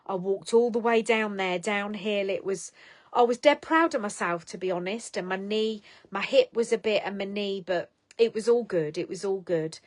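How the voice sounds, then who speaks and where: A woman's voice: mid-range voice, normal speed. Blunt, chatty middle-aged Englishwoman. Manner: blunt, chatty, swears freely, tough-love pep talk. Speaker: live stream host. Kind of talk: casual live stream chat.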